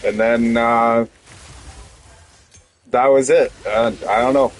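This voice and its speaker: A man's voice: medium pitch, steady tone, slow, low-quality recording. A young man, a streamer telling a heated story to his chat, swearing often and restarting his sentences.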